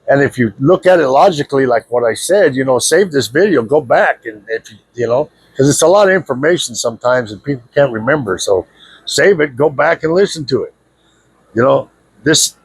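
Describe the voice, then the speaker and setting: A man's voice: on the high side, slightly rough, no echo. A man giving a blunt, confrontational spiritual monologue to his viewers, repeating himself and leaning on "you know". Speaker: spiritual video speaker. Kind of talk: preachy spiritual monologue to camera.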